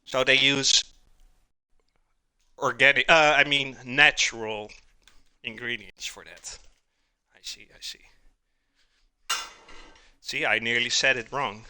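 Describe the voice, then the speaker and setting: A man's voice: medium pitch, steady tone, slow, long pauses, pushed and bright, smooth. A man hosting a live cooking stream, chatting casually and calling his viewers "guys" as he cooks.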